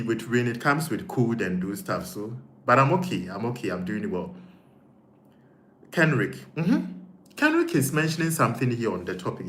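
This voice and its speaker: A man with a Ghanaian English accent hosts a casual live stream, reading out viewer comments and thinking aloud with frequent repeats. His voice is medium-pitched and a bit bright, in an echoey room with faint noise.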